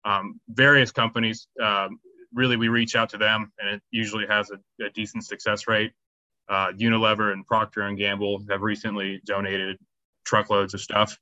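A man's voice: on the low side, flat delivery, moderate pace, bright, forceful tone, dry recording, lo-fi sound. A man answering interview questions about volunteer work, hesitant, with many ums and restarts. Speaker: charity volunteer.

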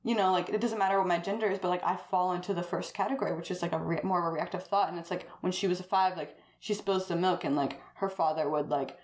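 A woman's voice: lowish voice, fairly even intonation, fast, few pauses. A woman chatting casually as a guest, rambling and saying "like" constantly, laughing often. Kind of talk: casual conversation. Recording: roomy echo.

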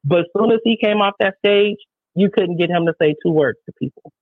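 A woman who works as a show promoter, telling stories in a casual podcast chat, animated, emphatic and heavy on swearing. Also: on the low side, brisk, no room sound. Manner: profane, animated, emphatic storytelling. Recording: dry, tinny phone-like sound.

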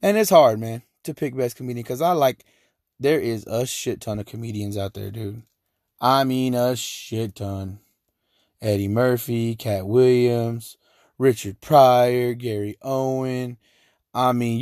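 A man with a Texan accent and a medium-pitched voice hosts a casual solo podcast, talking loosely and profanely. His storytelling is animated and broken up by frequent laughing asides. The recording is dry and studio quality.

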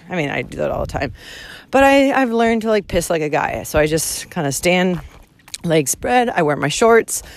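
A young woman talking into her phone while hiking outdoors, blunt and foul-mouthed, out of breath from climbing. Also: fairly low pitch. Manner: blunt, heavy swearing, animated rants. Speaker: vlogger hiking the Camino. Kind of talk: casual walking vlog monologue. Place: outdoors on a rural trail. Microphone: phone held while walking.

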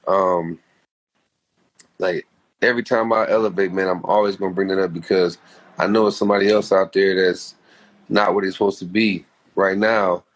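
A man's voice: deep voice, steady tone, moderate pace. A man being interviewed as a guest, telling a personal story in a heartfelt, rambling, slangy way. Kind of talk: casual storytelling.

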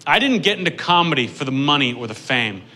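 Guy doing standup, kinda high bright voice, cussing and getting worked up, live mic on stage. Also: very animated, fast talker. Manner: profane, building to shouted rants. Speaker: stand-up comedian. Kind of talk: stand-up comedy set. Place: comedy club stage with a live audience.

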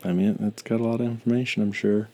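A man co-hosting a casual home podcast, cracking dry deadpan jokes. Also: on the low side, fast talker, a little hiss or hum. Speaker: podcast co-host. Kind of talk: casual chat.

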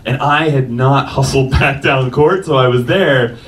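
A man's voice: mid-range voice, moderate pace, a bit bright. A man telling a self-mocking personal story on stage, often laughing through his lines. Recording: distant mic with noise.

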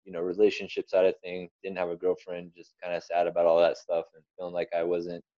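A man's voice: low voice, monotone, quick pace, no room sound, dull audio. A young man giving an earnest, rambling personal testimony as an interview guest. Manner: earnest, rambling storyteller with restarts.

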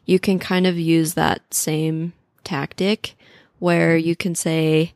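Woman with lowish voice giving teen advice. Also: level tone, a little mellow, dry recording, studio quality. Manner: measured, practical advice. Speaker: guest who works with teens. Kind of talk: casual podcast discussion.

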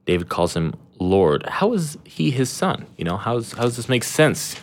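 A man's voice: mid-range voice, sing-song, moderate pace, slight background noise. A young man hosting a podcast in casual chat, rambling and slangy with lots of fillers and restarts, irreverent and self-deprecating. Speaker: podcast host.

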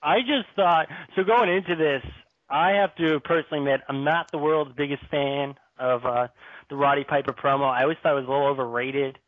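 Man, slightly higher voice, frank opinionated podcast chat, tinny phone-like line, dry. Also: fairly even intonation, brisk, no echo. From Boston area. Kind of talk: casual chat.

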